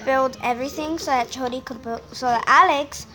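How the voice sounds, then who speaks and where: A woman's voice: sits high, brisk, pushed and bright, low-quality recording. A teenage girl hosting a casual gameplay video from home, chatty and rambling, often joking at herself. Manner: chatty, rambling, self-mocking. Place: home room, others nearby.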